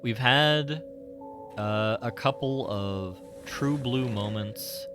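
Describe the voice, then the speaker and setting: A man's voice: medium pitch, takes it slowly, music in the background. A man casually commenting while playing a game on stream, rambling with many "like" fillers and side remarks.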